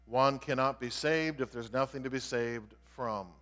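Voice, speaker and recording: Pastor preaching in a reverberant hall. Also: male voice, medium pitch, a little slow, a bit bright. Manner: earnest, explanatory, stressing key words. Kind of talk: expository sermon. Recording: long reverb of a large hall.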